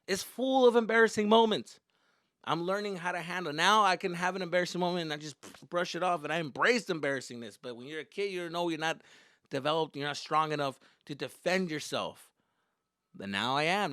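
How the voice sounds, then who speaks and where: A man's voice: fairly high pitch, sharp tone, clear, resonant tone, no echo, clean studio sound. A male comedian telling casual, profane childhood stories and slipping into Spanish at times. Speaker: stand-up comedian. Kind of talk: comedic storytelling.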